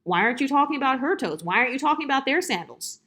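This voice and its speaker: A woman with a fairly high voice tells a storytime in a casual rant. She piles up rhetorical questions with sarcastic exasperation and a salty, profane edge. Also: lively intonation, racing, pushed and bright. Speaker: storytime vlogger.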